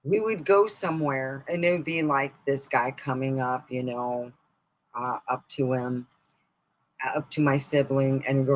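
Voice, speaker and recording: A middle-aged woman chatting casually on a live stream, rambling through funny stories and laughing loudly at her own punchlines. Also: lowish voice, unhurried, poor audio. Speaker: comedy streamer.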